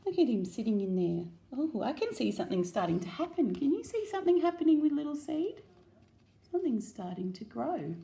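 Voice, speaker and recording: A woman with an Australian accent reading a picture book aloud to children, animated and asking them questions. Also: fairly high pitch, moderate pace, gravelly. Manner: animated, asks listeners questions. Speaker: children's story reader.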